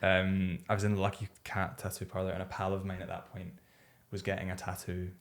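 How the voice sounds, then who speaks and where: A man hosting a podcast, chatting in a relaxed way with quick interjections and easy laughs. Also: deep voice, creaky. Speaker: podcast host. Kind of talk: casual chat.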